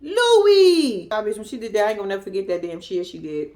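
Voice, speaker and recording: Talking very fast, this woman delivers casual reaction commentary on a reality show straight to her viewers. She's sassy and profane, lurching from loud outbursts to quiet muttered asides.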